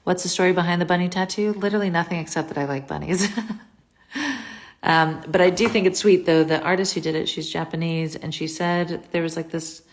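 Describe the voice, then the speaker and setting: A woman's voice: on the low side, fairly even intonation, a little fast. A woman hosting a casual livestream from home into a phone, chatty and scattered, reading viewer comments aloud and answering them.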